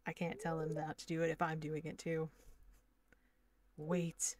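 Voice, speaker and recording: A woman's voice: low-pitched, completely flat delivery, quick pace, darkish tone. A woman streaming a farming game, chatting casually and rambling with lots of filler words. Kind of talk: casual gaming commentary.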